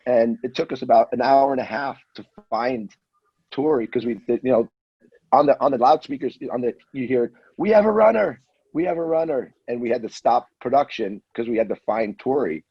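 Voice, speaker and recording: A man in his fifties telling a wild anecdote in a casual, animated way, acting out the voices of the people in it. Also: medium pitch, normal speed, slightly rough. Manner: animated storyteller, acts out voices. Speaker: guest storyteller. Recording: dull lo-fi audio.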